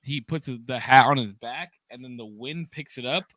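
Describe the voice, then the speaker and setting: Bright excitable podcast guy. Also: mid-range voice, moderate pace, no room sound. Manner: excitable, teasing, swears freely. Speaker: podcast co-host. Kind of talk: casual chat.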